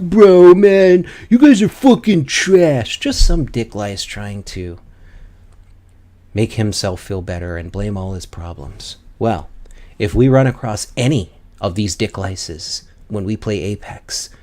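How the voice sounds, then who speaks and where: A male streamer in a casual comic rant, mocking and animated, with some whispered asides. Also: lowish voice.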